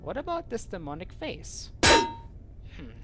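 Slow, animated woman gaming commentator. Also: high voice, over loud music. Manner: theatrical, mock-formal phrasing with frustrated outbursts. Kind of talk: let's play commentary.

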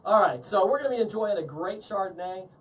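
High-voiced, jokey male host. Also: brisk, recorded from a distance. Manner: energetic, jokey, laughs often. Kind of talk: live show hosting, casual chat.

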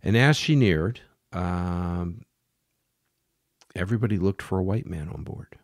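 A middle-aged man hosting a podcast, telling a history story in an unhurried, halting way with many fillers and restarts, sometimes dropping to a whisper. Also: low-pitched, no echo, clean studio sound. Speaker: podcast host.

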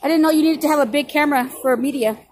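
A woman on a city street talking to her viewers as she films, sarcastic and ready to argue, with sharp rises in volume when she pushes back. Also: high voice, rapid-fire. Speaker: filming auditor. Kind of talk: running commentary to viewers while filming.

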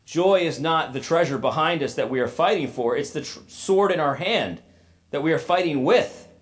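A man with a somewhat high voice preaches a sermon as a pastor. His manner is casual and conversational as he retells a story, adding asides and lively paraphrase.

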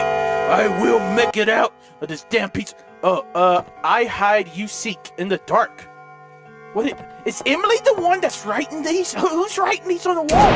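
A man's voice: extremely high pitch, expressive, a little slow, loud music behind the voice. A man commentating a horror game, panicky and joking, yelping and screaming when scared. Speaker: let's play gamer.

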